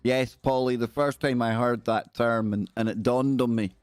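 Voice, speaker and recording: A man's voice: mid-range voice, steady tone, moderate pace, smooth, dry recording. A Scottish man hosting a live stream in casual, jokey, rambling chat. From Scotland.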